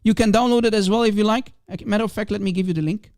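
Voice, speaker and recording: A man's voice: high-pitched, fairly even intonation, racing, darkish tone, no echo, clean studio sound. A man whose first language is Arabic, giving scornful, emphatic livestream commentary and repeating his points to drive them home. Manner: mocking, scornful, laughing at his opponent. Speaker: religious debater streaming commentary.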